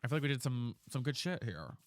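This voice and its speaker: Male streamer, casual live chat, dramatic, very lively pitch, dry sound. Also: fast talker, dry recording. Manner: chatty and dramatic, thanks viewers by name.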